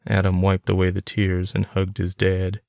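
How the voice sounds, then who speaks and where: Low gravelly male audiobook narrator. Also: monotone, normal speed, darkish tone, no echo, studio quality. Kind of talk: scripted narration.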